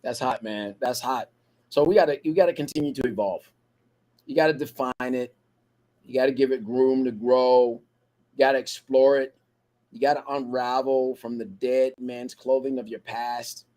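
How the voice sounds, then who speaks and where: A man's voice: mid-range voice, steady tone, normal speed, darkish tone. A man co-hosting a podcast, talking in a preachy motivational cadence built on repeated phrases. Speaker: podcast co-host.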